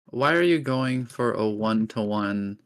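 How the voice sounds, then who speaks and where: Gravelly, sarcastic man. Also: fairly low pitch, animated, unhurried. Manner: dry, teasing sarcasm. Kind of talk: casual chat.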